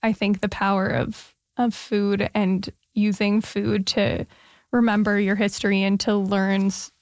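A woman's voice: mid-range voice, little pitch movement, measured pace, dry recording, clean studio sound. A woman interviewing a guest, encouraging and thoughtful as she asks her questions. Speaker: interviewer, host. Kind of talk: casual interview conversation.

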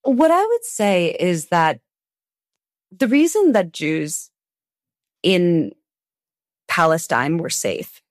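A woman author talks through a podcast interview in a fairly low voice, and she leans hard into key words as she tells her stories. The sound is close and dry, with no room around it. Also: slow, long pauses, dry recording. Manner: animated, storytelling with sharp emphasis. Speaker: guest author.

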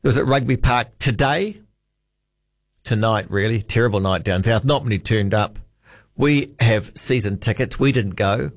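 A man's voice: on the low side, moderate pace, no echo, studio quality. A man hosting late-night talkback radio, rambling wryly and reading out listener texts. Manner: rambling, wry, reads listener texts aloud. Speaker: radio host. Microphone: studio microphone.

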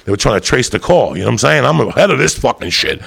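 A man's voice: mid-range voice, very animated, fast, creaky, fairly bright tone, slightly rough. A man telling a rowdy comic story with heavy swearing and bursts of laughter. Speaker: comedian storyteller. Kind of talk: profane comic storytelling monologue.

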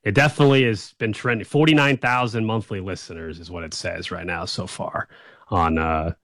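A man co-hosting a casual talk show, chatting in an animated way with quick asides. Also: deep voice. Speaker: co-host. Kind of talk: casual chat.

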